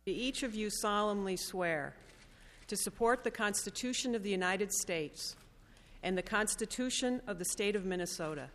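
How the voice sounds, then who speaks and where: A woman judge slowly and solemnly administering an oath of office in a legislative chamber. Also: medium pitch, a bit bright. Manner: slow, measured, solemn. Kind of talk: formal oath reading. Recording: echoey chamber reverb.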